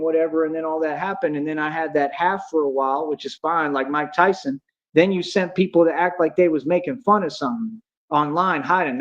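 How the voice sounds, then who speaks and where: A man with a fairly high voice for a man, ranting to his livestream chat in an agitated, accusatory tone. He taunts and scolds the people he addresses. The audio is muffled and lo-fi. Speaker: livestream host.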